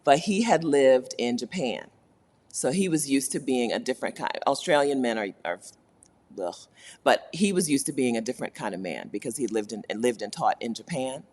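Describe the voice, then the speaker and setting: A woman's voice: very deep voice, expressive, moderate pace, darkish tone. A woman hosting a casual livestream chat, talking candidly and laughing often. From United States. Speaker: host.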